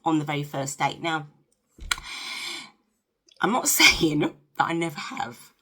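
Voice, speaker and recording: A woman's voice: deep voice, big pitch swings, slow, bright, forceful tone. A woman in her late fifties giving frank, chatty dating advice to camera, checking in with the viewer with tag questions. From United Kingdom. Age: 50s. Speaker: lifestyle vlogger.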